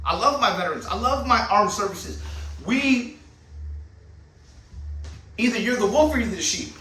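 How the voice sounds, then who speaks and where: A channel host and veteran with a very high, pushed, bright voice delivers a heated, profane monologue packed with rhetorical questions. The low-quality recording is reverberant, with a distant mic and a little hiss or hum.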